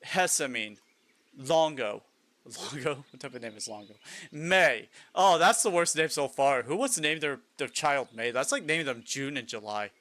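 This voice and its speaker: A man's voice: mid-range voice, lively intonation, moderate pace, fairly bright tone. A man live-streaming a game in casual chat, reading lists aloud, musing, and chuckling often.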